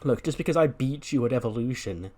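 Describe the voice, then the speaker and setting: A smug female wrestler who schemes, as a man puts her on. She boasts and threatens in a mid-pitched voice. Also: expressive, a little fast, darkish tone, natural voice.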